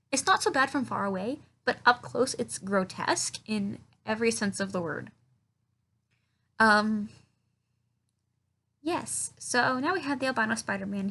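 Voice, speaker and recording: Woman reviewer, casual vlog rant; rambling, profane, incredulous, somewhat high. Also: fairly bright tone, husky. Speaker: film reviewer.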